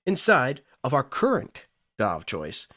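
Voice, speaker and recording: A man's voice: medium pitch, wildly swooping pitch, measured pace, sharp tone, no room sound, studio quality. Enthusiastic man hosting a music livestream. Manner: enthusiastic, gushing. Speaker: livestream host. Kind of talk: casual livestream chat.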